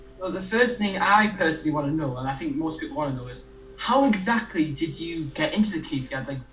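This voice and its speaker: A man's voice: a little high, animated, fast talker, a bit bright, soft background music. A man leading an interview, asking questions in a hesitant, loose way. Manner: hesitant, full of "like" and "you know". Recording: echoey room.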